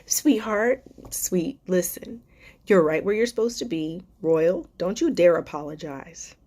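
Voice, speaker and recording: A woman's voice: lowish voice, normal speed, mellow. A woman hosting a live stream Q&A as a life coach, speaking affectionately and emotionally to viewers with spiritual encouragement, calling them darling and sweetheart.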